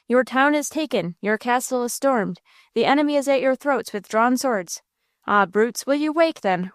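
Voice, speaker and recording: A woman's voice: on the high side, clean tone, no room sound, clean studio sound, natural voice. A woman playing Black Donald, blustering robber chief. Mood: rousing. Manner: blustering, rousing, theatrical. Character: bold commanding male robber captain.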